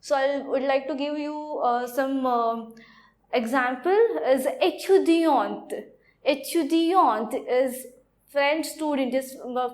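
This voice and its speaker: A woman with an Indian accent giving a French lesson, explaining slowly and repeating her phrases. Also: high-pitched. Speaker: French teacher. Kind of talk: classroom lecture.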